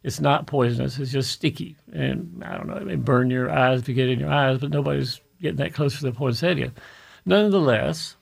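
Folksy man, gravelly voice. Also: mid-range voice, a little fast. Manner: folksy storyteller, acts out quoted people. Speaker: radio garden show host. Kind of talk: radio talk show chat.

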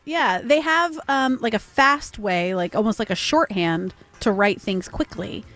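A woman's voice: medium pitch, unhurried, a bit bright. A woman co-hosting a radio talk show, chatting and explaining things casually. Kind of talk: casual studio banter.

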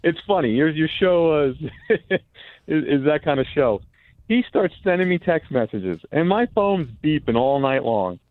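A male caller on a tinny phone line, rambling through a long story with lots of restarts, at a middle pitch and with a dry sound. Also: big pitch swings, normal speed, dry recording. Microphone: telephone.

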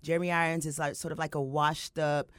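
A woman doing celebrity gossip on a morning radio show, excited and gushing about stars she has spotted. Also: low-pitched, fairly quick, clean tone, no room sound. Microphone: studio microphone.

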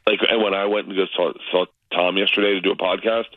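A man in his forties, a comedian guest telling loose stories with big excited jumps in pitch on a radio interview. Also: quick pace, no room sound. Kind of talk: casual radio interview by phone. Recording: muffled lo-fi line.

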